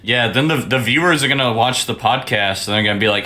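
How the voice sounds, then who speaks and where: A young man chats on a casual podcast with friends. His voice is bright and forceful at an ordinary pitch, and he jokes, often laughing mid-sentence. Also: fast, slight background noise. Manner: joking, laughs through his lines. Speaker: podcast co-host. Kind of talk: casual chat.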